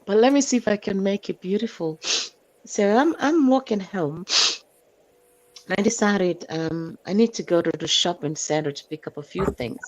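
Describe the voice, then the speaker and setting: A woman on a stream telling a story from her day with animated delivery, acting out her own shouts and sometimes hunting for words. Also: medium pitch, normal speed. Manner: hunts for words, fills with "um". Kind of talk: casual storytelling. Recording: dull lo-fi stream audio.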